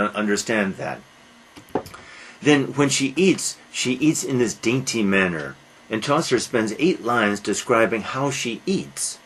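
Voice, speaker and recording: A man's voice: lowish voice, fairly bright tone, slightly rough, low-quality recording. A man lecturing on literature to a class, asking rhetorical questions and answering them himself, with frequent uhs.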